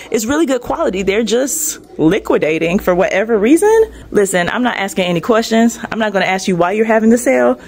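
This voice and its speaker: Excited woman gushing over bargains. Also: on the high side. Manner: gushing, gasping, addresses viewers as y'all. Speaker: shopping vlogger. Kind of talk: excited shopping vlog walkthrough. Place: large indoor clothing store.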